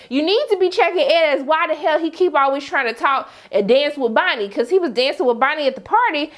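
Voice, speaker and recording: A woman chatting casually as she recaps a TV episode, slangy and animated, acting out her own reactions. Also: sits high, a little fast, few pauses. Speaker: TV review vlogger.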